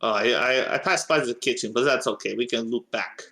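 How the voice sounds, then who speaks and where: A man's voice: mid-range voice, a little fast, bright, forceful tone, faint music behind. A man narrating a tabletop game as game master, hesitant and full of filler sounds.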